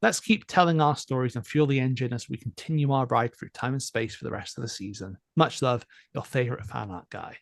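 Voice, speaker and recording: A man's voice: mid-range voice, fairly quick, creaky, few pauses, no echo. A man co-hosting a casual podcast, reading listener emails aloud with enthusiastic, chatty energy. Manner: enthusiastic, chatty, laughs often.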